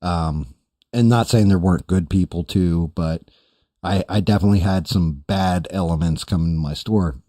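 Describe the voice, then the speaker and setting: A man's voice: low-pitched, moderate pace, mellow, no room sound, studio quality. A man hosting a podcast, telling a long profane story in a loose, rambling way with quoted voices. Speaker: podcast host. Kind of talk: casual storytelling chat.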